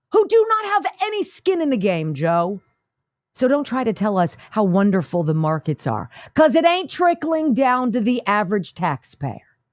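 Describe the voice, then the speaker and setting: A woman's voice: on the high side, darkish tone, no room sound, clean studio sound. A female radio talk show host giving sarcastic, combative political commentary. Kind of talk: political commentary over played clips.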